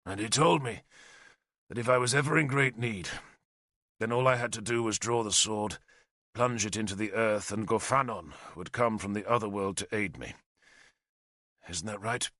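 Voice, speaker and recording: An oath-bound middle-aged warrior king, grave and brooding, voiced by a man reading the book aloud. He speaks low and dark, with weary weight under every line. The sound is close and dry. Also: normal speed, long pauses, no room sound. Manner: grave and brooding, breaking into weeping and rage.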